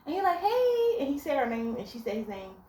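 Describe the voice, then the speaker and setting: A woman's voice: on the high side, racing. A young woman giving blunt relationship advice in a casual vlog, telling stories animatedly and cursing freely. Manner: blunt, animated storytelling with profanity. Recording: echoey room with faint ambience.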